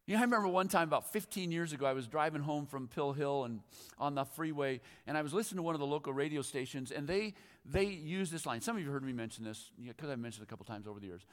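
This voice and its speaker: A middle-aged male pastor preaching in a slightly higher-than-usual voice. His delivery is chatty and self-mocking, with laughs scattered through it. The sound carries a long reverb from the church sanctuary. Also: animated, fast talker, hardly any pauses. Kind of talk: conversational sermon.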